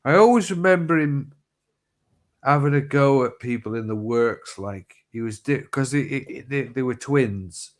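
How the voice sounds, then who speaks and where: A man's voice: mid-range voice, moderate pace. A middle-aged man, telling rambling stories in casual chat, swearing freely and restarting his sentences.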